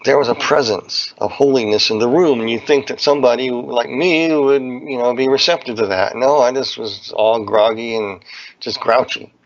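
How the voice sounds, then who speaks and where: On a dull, lo-fi recording, a man with a medium-pitched, fairly even voice recounts his religious testimony at a moderate pace. Earnest and plain-spoken, he repeats phrases again and again for emphasis.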